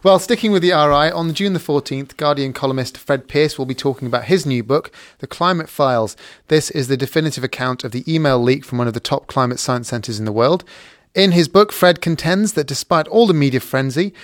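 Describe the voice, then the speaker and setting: A man hosting a podcast, reading his closing notices at a brisk, announcer-like clip. His voice sits a little high, and the recording is close and dry, with no room sound. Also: no echo. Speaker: podcast host. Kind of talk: scripted podcast outro and banter.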